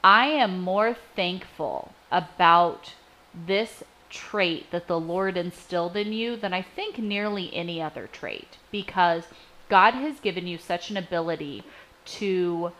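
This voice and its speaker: A woman's voice: on the low side, fairly bright tone, poor audio. A woman in her forties chatting casually and affirmingly about her husband's faith and honesty. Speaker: co-host. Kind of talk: casual Christian podcast chat.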